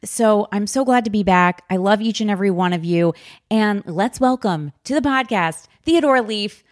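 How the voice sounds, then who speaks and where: A woman hosting a podcast in casual, chatty conversation, animated and full of fillers. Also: medium pitch, moderate pace, no echo, clean studio sound. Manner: chatty, animated, heavy use of "like". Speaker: podcast host.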